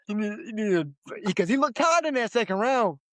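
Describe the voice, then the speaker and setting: A man's voice: high-pitched, very animated, fairly quick, no echo. A young man co-hosting a casual podcast, talking loosely with slang and frequent laughs. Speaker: podcast co-host. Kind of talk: casual chat.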